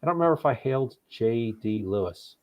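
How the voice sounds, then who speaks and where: A man's voice: mid-range voice, animated, fairly quick, darkish tone, dry recording. A man chatting casually and hesitantly, often restarting and weighing how words are said. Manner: hesitant, restarts and ponders pronunciations. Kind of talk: casual chat.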